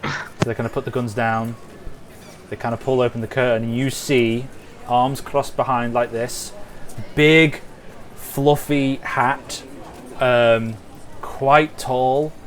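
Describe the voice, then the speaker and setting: A man's voice: medium pitch, steady tone, takes it slowly, long pauses. A man narrating a tabletop role-playing game as game master, casual and hesitant. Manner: casual, hesitant, many ums and kinda.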